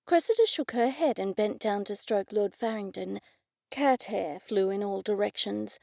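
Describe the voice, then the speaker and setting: Lady reading an audiobook, first person, gravelly, mellow dark tone, dry sound. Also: mid-range voice, expressive, a little slow, dry recording. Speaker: audiobook narrator. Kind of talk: scripted first-person narration.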